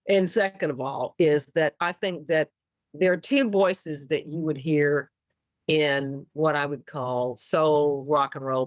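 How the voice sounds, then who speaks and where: Low-pitched and free of room sound, a musician from Austin, Texas tells stories in a casual interview with her Texan accent. Her manner is animated: she acts out quotes and laughs frequently.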